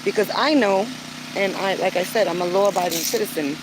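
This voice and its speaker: A woman's voice: medium pitch, a little fast, background noise. An older woman vlogging casually to camera, chatty and earnest, with frequent filler words. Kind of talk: casual vlog talk to camera.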